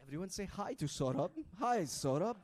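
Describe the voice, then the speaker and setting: A man's voice: sits high, animated, normal speed, a little mellow. A man hosting a live event on stage, playfully teasing and coaxing the audience into group activities over a handheld mic. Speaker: event host.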